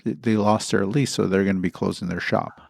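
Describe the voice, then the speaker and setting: A man co-hosting a casual podcast, his low voice carrying a gravelly fry. He muses in an unhurried, easygoing way, close to a dry, deadened mic. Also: fairly even intonation, a little mellow, no echo. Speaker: podcast co-host. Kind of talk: casual chat.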